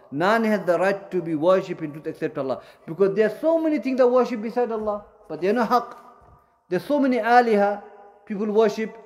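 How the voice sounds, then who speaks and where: This male Islamic studies teacher lectures his class in a high, somewhat mellow voice. Correcting himself often and using many fillers, he works through his points while blending Arabic terms into his English.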